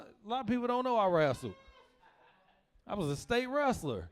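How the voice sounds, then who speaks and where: A young man telling stand-up stories, animated and laughing through his lines as he acts out his family. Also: sits high, moderate pace, long pauses. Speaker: stand-up comedian. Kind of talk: stand-up storytelling.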